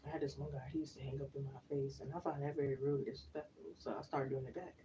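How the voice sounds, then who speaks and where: A woman's voice: very deep voice, fairly even intonation, quick pace, recorded from a distance. Woman, tarot reader, slangy chatty storytelling, laughs a lot, faint background hiss. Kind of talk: casual live-stream chat.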